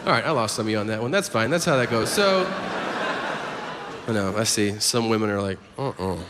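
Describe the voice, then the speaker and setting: A man's voice: lowish voice, lively intonation, fairly quick, long reverb tail, background noise. A man doing stand-up comedy, telling profane, exaggerated stories on stage.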